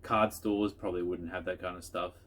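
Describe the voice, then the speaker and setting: A man's voice: deep voice, flat delivery, fairly quick, fairly bright tone, slight background noise. A man in a casual home vlog, answering viewer questions in a chatty, rambling way with frequent restarts.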